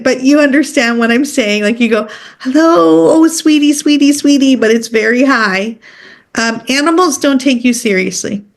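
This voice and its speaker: A woman teaching a workshop in a relaxed, conversational way. Her voice sits a little high, and she is direct, pausing often to check that her listeners are following. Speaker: animal communicator leading a workshop.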